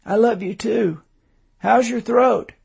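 Groggy hurt husband, halting, gravelly and husky, narrator doing him. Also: male voice, very high voice, a little mellow, voice pushed up, exaggerated voice. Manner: effortful, halting. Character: dazed injured husband, adult man.

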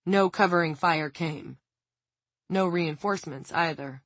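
Woman audiobook narrator, lowish voice, dry close sound, measured dramatic reading. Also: fairly bright tone, dry recording.

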